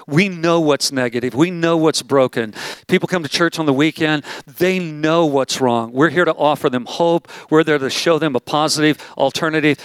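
A man's voice: mid-range voice, clear, resonant tone, no room sound. A man speaking as a pastor at a conference, emphatic and repeating his key phrases, taking questions from the room. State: out of breath. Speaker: pastor leading a conference session. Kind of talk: conference talk with Q&A. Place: large room with audience.

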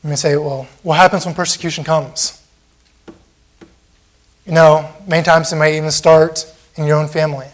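Impassioned high-voiced male preacher. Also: level tone, normal speed, long pauses. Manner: impassioned, repetitive, acts out mocking crowds. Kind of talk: sermon. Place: church.

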